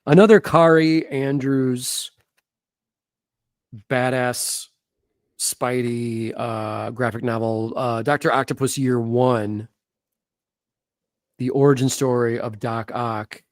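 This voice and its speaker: A gravelly-voiced man gushes about comic art in a loose, slangy way, swearing casually as he goes. His voice sits mid-range, and the room is dry and close. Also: mid-range voice, steady tone, takes it slowly, pauses often, dry recording. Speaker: comic artist host.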